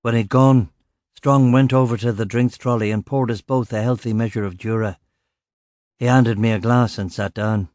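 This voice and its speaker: Brief: male narrator, wry and matter-of-fact, mid-pitched, dry close sound. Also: moderate pace, darkish tone, no echo. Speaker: audiobook narrator. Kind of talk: first-person audiobook narration.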